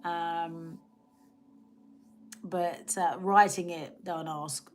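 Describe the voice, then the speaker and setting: A woman's voice: fairly low pitch, steady tone, very slow. A woman hosting a casual live stream, chatting with viewers, laughing often and reading out their comments. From England.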